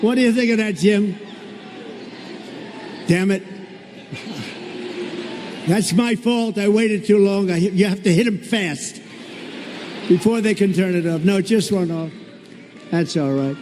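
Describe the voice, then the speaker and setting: A man delivers a campaign rally speech, repeating himself and mocking his rivals. His voice is high for a man yet dark in tone. It rings out with a long reverb across a large hall, over faint ambient noise. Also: a little slow, pauses often. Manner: repetitive, boastful, mocking. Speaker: political candidate at a rally. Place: large indoor venue with a crowd.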